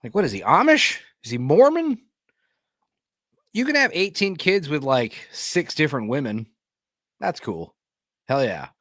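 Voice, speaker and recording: A man's voice: on the high side, a little slow, long pauses, no room sound, clean studio sound. A man hosting a podcast, riffing casually and jokingly with lots of fillers while watching a reality show. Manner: animated, joking, rambling with fillers. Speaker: podcast host.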